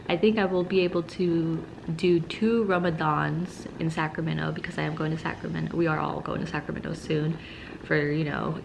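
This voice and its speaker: A congested woman chats to her vlog viewers from home in a low, gravelly voice. A steady hiss of noise from a steamer runs under her talk. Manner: chatty, laughs between lines. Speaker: vlogger. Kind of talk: casual vlog chat.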